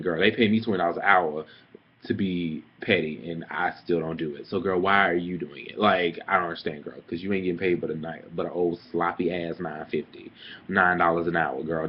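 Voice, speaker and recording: This casual vlog features a young man, a vlogger, ranting dramatically about a petty coworker with plenty of sass and profanity. He has a deep voice with a breathy edge. Dull, lo-fi webcam audio captures it.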